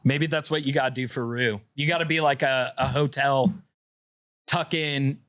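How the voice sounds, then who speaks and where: A man's voice: medium pitch, steady tone, fairly bright tone, no echo. A man co-hosting a casual podcast, bantering in a laid-back way. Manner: laid-back banter, quick reactions and laughs. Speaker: podcast co-host.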